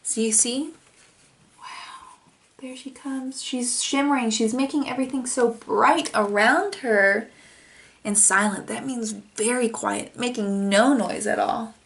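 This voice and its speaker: A young woman who teaches toddlers, reading a picture book aloud and gently explaining feeling words. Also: fairly high pitch, measured pace, slight background noise.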